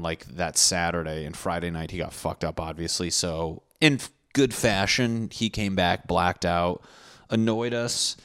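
Deep-voiced young man, crude rambling story. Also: dry recording, clean studio sound. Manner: crude, swearing, rambling with fillers and restarts. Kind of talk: casual storytelling monologue.

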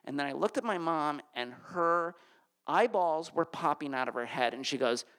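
Live on stage, a Connecticut man shares a comic story from his own life at a normal pace. His animated voice ranges widely up and down, leaping high whenever he tells of a flustered moment.

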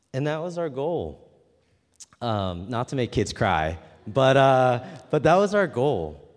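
A man's voice: on the low side, a little mellow. A man preaching a sermon, telling a personal story in an earnest, emphatic way. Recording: long hall reverb.

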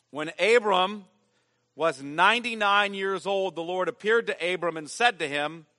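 A man preaching a sermon as pastor, emphatic, swinging from loud stressed lines to hushed ones. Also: fairly high pitch, in a large hall.

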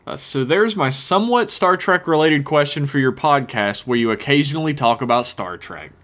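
A man's voice: fairly high pitch, lively intonation, normal speed, fairly bright tone. A man co-hosting a podcast, joking around and reading listener emails aloud in casual banter. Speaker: podcast co-host.

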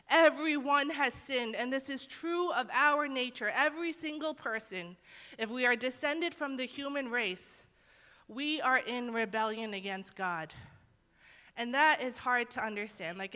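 Her voice is on the high side with a sharp edge. In a hall with long reverb, this young woman delivers a conversational sermon, teaching the Bible casually but earnestly and acting out quotations.

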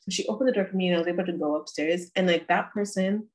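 A woman's voice: lowish voice, fast talker. Chatty young woman, lots of fillers. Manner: chatty, filler-heavy, laughs often. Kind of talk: casual chat.

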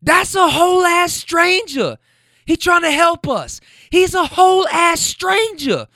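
A man voicing a furious young woman screaming at her partner in the street, shrill and yelling at the top of her lungs. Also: lively intonation, takes it slowly, dry recording, studio quality, exaggerated voice.

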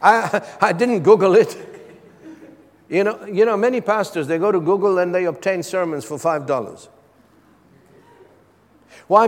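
Man, pastor preaching, high voice, call-and-response, long reverb in the church hall. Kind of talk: sermon.

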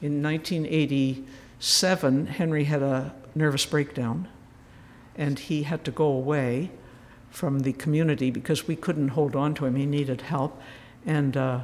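A man giving a reflective spiritual retreat talk, telling stories gently with soft asides. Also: on the high side, fairly even intonation, unhurried. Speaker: retreat speaker. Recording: roomy hall with faint noise.

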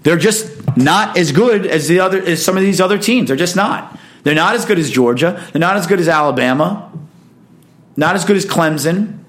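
A man's voice: high-pitched, expressive, moderate pace. Opinionated man talking college football. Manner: opinionated, emphatic, chatty. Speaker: sports talk host. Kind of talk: casual sports commentary monologue.

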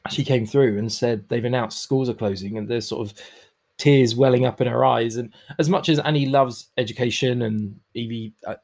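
A man's voice: mid-range voice, fairly even intonation, moderate pace, darkish tone. Man, podcast host, thoughtful, self-deprecating, conversational.

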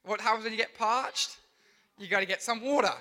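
A young man preaching an energetic youth sermon, telling stories with sound effects and funny voices. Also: high voice, fairly quick. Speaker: youth pastor.

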